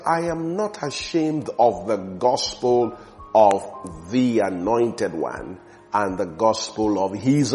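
A male preacher delivers a sermon in a mid-pitched voice, pressing hard on key phrases and letting others fall quiet. Soft music plays underneath him. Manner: emphatic, swelling loud on key phrases and dropping low. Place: church.

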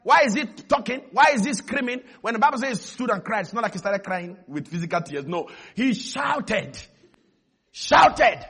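A man preaching a sermon, often shouting and calling on the congregation to respond. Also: sits high. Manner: shouting, call-and-response exhortation.

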